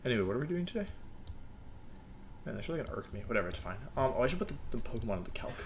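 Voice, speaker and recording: A man's voice: medium pitch, sing-song, very fast, a little hiss or hum. A young man chatting casually to his viewers while recording a game video at his desk at home, rambling and joking at himself. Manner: rambling, self-mocking, talks to himself. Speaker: gaming video creator.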